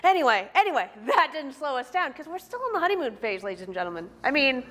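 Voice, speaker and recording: A woman's voice: high voice, big pitch swings, fast talker, a bit bright. A woman playing a chatty newlywed wife, telling her story in a gushing, rambling way. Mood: giddy.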